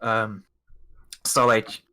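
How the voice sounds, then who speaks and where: A man's voice: lowish voice, flat delivery, extremely slow, bright, forceful tone, smooth. A young man from Montreal, hosting a casual podcast, telling rambling, profane, jokey travel stories. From Montreal, Canada. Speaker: podcast host. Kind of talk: casual storytelling chat.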